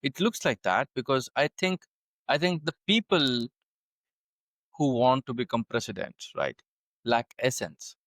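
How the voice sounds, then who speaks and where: A man hosts a podcast conversation, feeling his way through his points with fillers and restarts. His pitch is ordinary for a man. The sound is dry and close to the mic. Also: animated, a little slow, a bit bright, no room sound. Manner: hesitant, searching for words, many fillers. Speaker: podcast host. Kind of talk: conversational interview.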